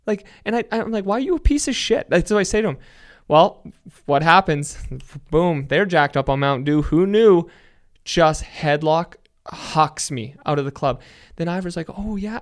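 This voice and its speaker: A young man telling stories as a podcast guest, animated and full of swearing. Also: on the high side, normal speed. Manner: profane, animated storytelling. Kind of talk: casual chat.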